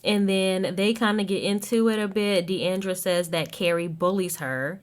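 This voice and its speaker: A woman's voice: medium pitch, fairly even intonation, normal speed, few pauses. A young woman from the American South, hosting a podcast and recapping in sassy, chatty talk. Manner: sassy, chatty, acts out quotes. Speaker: podcast host. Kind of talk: casual recap chat.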